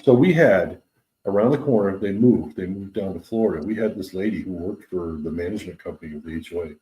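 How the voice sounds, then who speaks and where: A man chatting casually in a relaxed, profane way. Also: sits low, fast talker, reverberant, rough recording. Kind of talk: casual chat.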